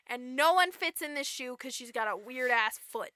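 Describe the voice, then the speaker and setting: Woman podcast co-host, very high, sharp voice, profane comic storyteller. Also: expressive, no room sound, studio quality. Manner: profane, acts out characters in quick voices. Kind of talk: casual comedic storytelling.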